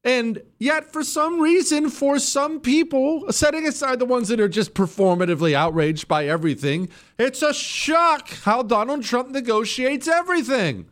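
A man's voice: normal speed, hardly any pauses. Emphatic sarcastic male talk host. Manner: animated, swings into high mocking voices. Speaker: radio show host. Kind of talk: opinionated political talk.

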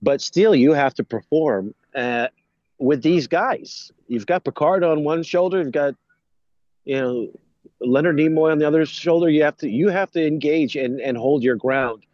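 A man's voice: fairly high pitch, moderate pace, a little mellow, dry recording. A man co-hosting a podcast, chatting casually and retelling favorite moments with enthusiasm. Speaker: podcast co-host. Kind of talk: casual chat. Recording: dry, dull lo-fi sound.

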